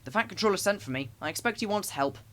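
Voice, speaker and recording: A man's voice: fairly high pitch, lively intonation, fairly quick, a bit bright. A man voicing a cheeky, self-important little male engine in a storybook reading.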